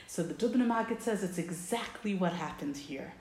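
A woman teaching a class over a video call, telling a parable in an animated, emphatic way. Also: lowish voice, moderate pace, reverberant. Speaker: religious teacher.

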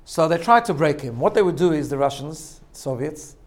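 A man's voice: fairly high pitch, lively intonation, moderate pace. Storytelling man teaching a class. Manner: storytelling, checks in with "right?", laughs at own jokes. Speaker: religious teacher. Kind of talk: informal sermon.

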